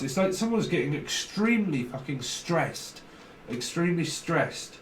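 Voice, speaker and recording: A man's voice: a little high, very animated, a little slow, reverberant, recorded from a distance, a little hiss or hum, low-quality recording. A man giving a casual tarot reading, rambling and blunt, swearing freely. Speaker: tarot reader.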